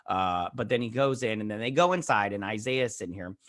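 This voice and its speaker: On his laid-back episode review vlog, a man recaps TV scenes in a meandering way and performs the characters' dialogue, restarting frequently and leaning on "he's all like." His voice is fairly low, expressive, and a bit bright, and he talks a little fast. The recording is dry and studio-clean.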